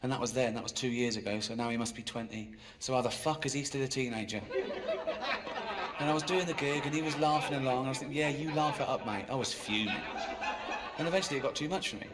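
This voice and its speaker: A man doing stand-up in a dry, self-mocking way that jumps into high, exasperated squeals. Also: quick pace. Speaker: stand-up comedian. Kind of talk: stand-up routine. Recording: live comedy club with crowd laughter. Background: audience laughing.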